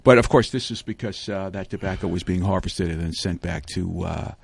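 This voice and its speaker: A man, a lawyer guest on a radio show, explaining history in a measured way. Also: sits low, vocal fry, slightly rough, no echo. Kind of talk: casual radio interview. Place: radio studio.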